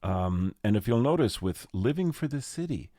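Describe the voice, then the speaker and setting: A man's voice: medium pitch, big pitch swings, normal speed, dark tone, no room sound, studio quality. A man hosting a podcast as a casual monologue, playful and rambling with jokey asides. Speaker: podcast host and jazz arranger.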